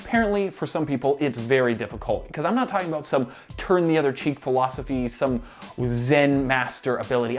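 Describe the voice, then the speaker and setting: A man telling a comedic story in a lively, sarcastic monologue full of exasperated rants. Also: a little high.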